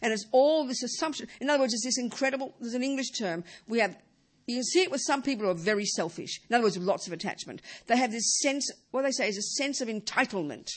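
A woman's voice: fairly high pitch, animated, quick pace. A woman teaching Buddhism in a talk, emphatic and full of rhetorical questions.

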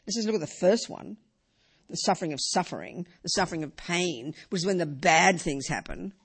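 A woman teaching Buddhism to a live audience in a hall, lively and joking, repeating words for emphasis. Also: on the low side, fairly quick, husky.

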